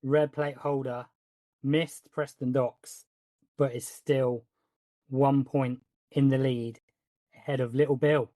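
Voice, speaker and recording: A man from the West Country with a West Country accent, co-hosting a motocross podcast in a relaxed, matter-of-fact way. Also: medium pitch, takes it slowly, dry recording. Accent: West Country English. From West Country of England. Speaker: podcast co-host. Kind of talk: casual podcast chat.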